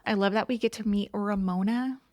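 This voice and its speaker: A woman's voice: medium pitch, brisk, a little mellow. A woman co-hosting a podcast, gushing in casual chat about a movie, with lots of "like" and quoting her own reactions. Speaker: podcast co-host.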